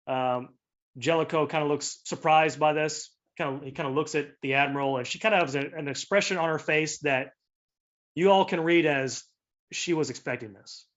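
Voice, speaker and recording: Casual game master narrating. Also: male voice, on the high side, moderate pace, a bit bright, dull audio. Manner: loose, filler-heavy narration.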